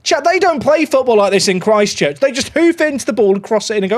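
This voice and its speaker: A man with a high, lively voice that leaps up and down as he streams a football management game. He chats to his viewers in an excitable, running commentary, quick to cheer and quick to grumble. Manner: excitable, chatty, talks to his dog and chat. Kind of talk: live gameplay commentary.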